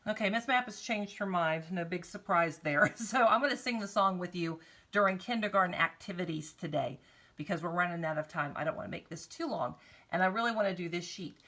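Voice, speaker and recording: A woman teaching kindergartners phonics, slowly drawing out vowel sounds in an encouraging, sing-song way and speaking straight to the children. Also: fairly low pitch, fairly bright tone. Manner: encouraging, talks directly to children. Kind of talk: recorded morning meeting lesson for young children.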